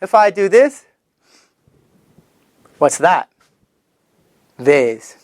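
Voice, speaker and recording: A man leads a children's English vocabulary lesson. His voice swoops up and down in a lively sing-song, and he speaks very slowly. Each word is stretched out and repeated on a close, dry mic. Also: high-pitched, dry recording. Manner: animated, sing-song, drawn-out repetition of words.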